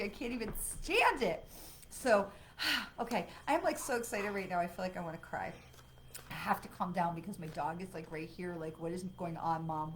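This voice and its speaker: A woman hosting a live card-reading stream, chatty and excitable, with lots of fillers, talking from home. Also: fairly high pitch, a little hiss or hum, poor audio. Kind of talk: casual livestream talk. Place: home, dog nearby.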